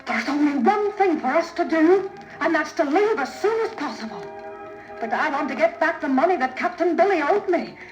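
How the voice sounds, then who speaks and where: A woman's voice: high voice, expressive, muffled recording. A worried innkeeper mother. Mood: anxious. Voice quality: worried, brisk. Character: anxious innkeeper mother, practical. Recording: echoey vintage vinyl with music behind.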